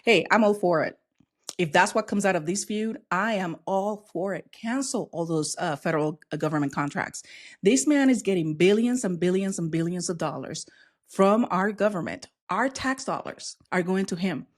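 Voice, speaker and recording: A woman's voice: fairly low pitch, expressive, moderate pace. An American woman vlogging a casual, outspoken reaction to the news, sassy and gleeful as she comments. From United States.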